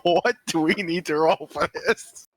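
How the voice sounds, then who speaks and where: A man's voice: a little high, measured pace, a bit bright, poor audio. A man playing a tabletop game, eager and prone to stammering restarts. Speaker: player. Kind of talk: tabletop role-play.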